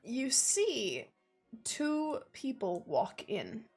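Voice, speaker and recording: A woman's voice: on the high side, sing-song, very slow, a little mellow, slightly rough, faint music behind. A young woman narrating a tabletop game as game master, talking casually with filler words.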